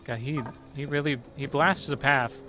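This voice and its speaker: A man's voice: mid-range voice, steady tone, normal speed, background noise. A man streaming a horror game, chatting casually and swearing freely while he mutters to himself and answers chat. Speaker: streamer and voice actor.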